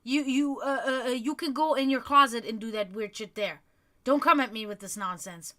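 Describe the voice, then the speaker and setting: With a somewhat high, slightly bright voice, the European woman running this livestream keeps up a quick, furious rant, her casual talk full of swearing.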